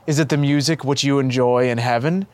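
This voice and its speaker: A man's voice: mid-range voice, steady tone, fairly quick, dry recording, natural voice. A man voicing an elderly priest who asks hesitant, wondering questions in awe. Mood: awed.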